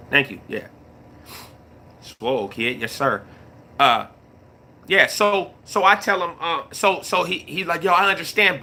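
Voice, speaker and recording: A middle-aged man streams live on YouTube, chatting in a laid-back way and greeting viewers in the middle of his stories. He tends to repeat himself, and his voice is on the high side, pushed and bright.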